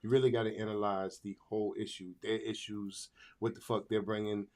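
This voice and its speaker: Low-voiced man, emphatic and repetitive. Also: flat delivery, fairly quick, darkish tone. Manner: emphatic, repeats himself while working out a point. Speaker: podcast co-host. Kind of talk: casual chat.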